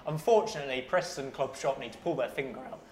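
A man hosting a sports podcast, briskly moving the show along. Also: mid-range voice, a little mellow, a little hiss or hum. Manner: brisk, running the segments. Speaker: host.

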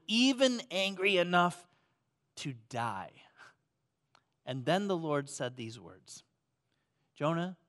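A man preaching a sermon as pastor, swinging between loud emphasis and hushed, soft passages. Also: high-pitched. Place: church auditorium.

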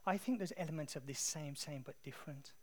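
Man, english accent, preacher, sermon, conversational, animated storytelling, slightly high voice. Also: brisk.

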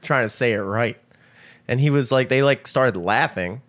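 Male podcast co-host from Maryland, casual storyteller, medium pitch. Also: normal speed. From Maryland, USA. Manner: animated storyteller, says "dude" and "like" often.

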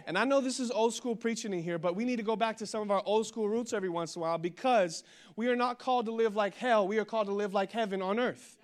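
Young male pastor, high-pitched, energetic sermon delivery. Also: fast. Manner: energetic preaching that builds to loud declarations, with humorous storytelling.

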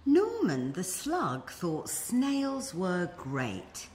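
A woman reading a children's story aloud as a storyteller, expressive and animated. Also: on the low side, drawn-out words.

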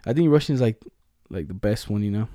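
Mellow young man, laid-back slangy chat. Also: fairly low pitch, expressive, a little fast, no room sound, clean studio sound. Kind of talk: casual chat.

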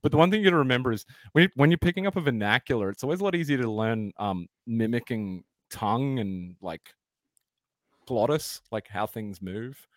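An Australian man talking on a podcast at an ordinary, mid-range pitch. He explains things in a loose, rambling way, full of ums and restarts. The recording is dry and close. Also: expressive, brisk, no echo. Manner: rambling, explanatory, lots of fillers. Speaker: podcast guest, former band vocalist. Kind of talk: casual podcast chat.

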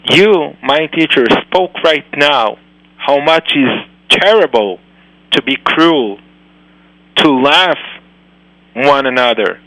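A man voicing a gentle, frightened young schoolgirl, speaking slowly and haltingly. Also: fairly high pitch, animated, dry recording, exaggerated voice, rough recording. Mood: anguished.

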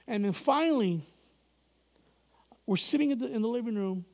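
A man's voice: very high-pitched, normal speed. A man preaching a sermon, telling a story with acted-out dialogue and frequent laughter. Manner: animated, acts out dialogue, laughs often.

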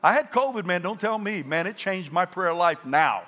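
A male pastor delivering a sermon in a high, bright voice. He moves from hushed asides to loud, fervent outbursts and keeps the congregation engaged. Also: moderate pace. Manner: animated, swings from quiet asides to loud exclamations.

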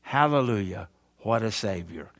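A man preaching a sermon, earnest, rising on key phrases and dropping to a soft hush near the end. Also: lowish voice, expressive, normal speed.

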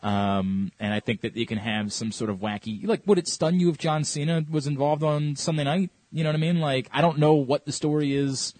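A man co-hosting a casual chat, talking in quick asides and playfully quoting others. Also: a little high, flat delivery, a little mellow, dry recording. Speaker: podcast co-host. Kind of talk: casual chat, wrestling predictions.

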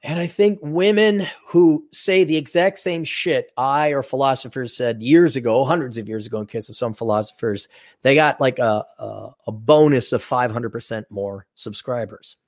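An American man hosting a casual podcast chat, talking in an animated, joking way with quick asides. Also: mid-range voice. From United States. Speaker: podcast host.

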